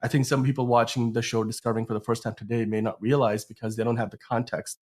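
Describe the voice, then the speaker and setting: A man's voice: mid-range voice, flat delivery, fast, a little mellow. A man hosting a podcast in a casual chat, rambling with lots of fillers and restarts while sounding sick. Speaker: podcast host.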